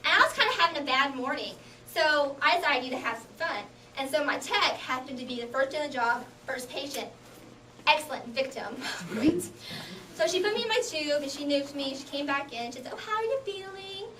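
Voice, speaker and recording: Lively young woman giving a comic speech. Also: high-pitched, a little fast. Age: young adult. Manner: animated storytelling with bursts of laughter. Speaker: contest speaker. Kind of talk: humorous contest speech. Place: hall with audience. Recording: echoey hall from far off, noisy.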